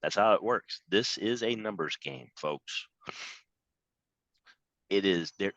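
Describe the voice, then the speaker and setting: A man giving a motivational sales training talk over a video call, emphatic and animated, acting out quoted voices. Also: deep voice, slow, dry recording, highs cut off. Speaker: business trainer.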